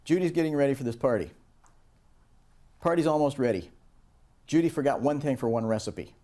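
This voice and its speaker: A man voicing a high-energy father who finds it all funny, amused and easygoing, in a dark tone. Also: fairly quick, lightly acted.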